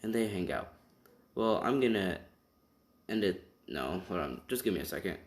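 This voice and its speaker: A man's voice: sits low, very animated, normal speed, echoey room. A young man casually making up and retelling a fan story, rambling with many restarts and asides. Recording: faint background noise.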